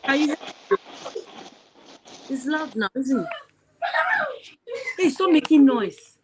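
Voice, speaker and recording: A woman's voice: sits high, animated, slow, noisy background. A woman joining a livestream by video call from home, coaxing her child in a motherly way and chatting lightly. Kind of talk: casual video call chat.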